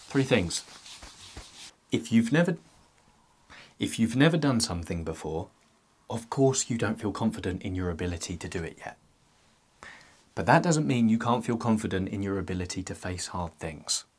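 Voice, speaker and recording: Low husky-voiced young man, playful. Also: expressive, moderate pace. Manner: playful, jokey asides. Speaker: self-help YouTuber. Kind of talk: scripted self-help monologue.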